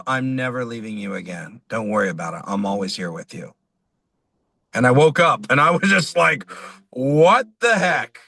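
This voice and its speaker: A man, a singer-songwriter, telling a personal story as a guest in an interview, lively and quoting others as he goes. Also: on the high side, no echo. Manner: animated, quotes people in his stories.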